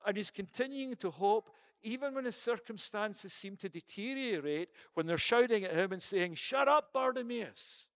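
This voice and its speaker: A man preaches a sermon with fervent intensity, swinging between loud appeals and hushed reflection and sometimes stumbling over verse numbers. His voice is high, his pace moderate with hardly any pauses, and the recording is dry and studio quality.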